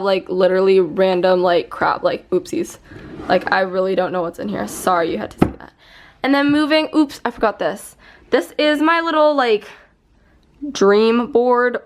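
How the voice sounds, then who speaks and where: A young woman chatting her way around her bedroom on camera. Her talk is rambling and casual, full of "like" and little asides. This is a relaxed home vlog. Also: mid-range voice, clean tone. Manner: chatty, rambling, heavy use of "like". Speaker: vlogger. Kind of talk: casual room tour vlog. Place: bedroom, indoors.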